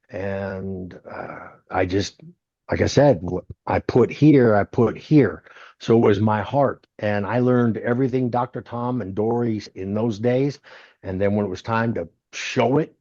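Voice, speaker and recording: A man's voice: lowish voice, no echo. A man in his sixties, a former wrestler, telling stories in an interview and acting out other people's lines. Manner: animated storyteller who acts out others' lines. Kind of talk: storytelling interview. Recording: dull, dry, lo-fi sound.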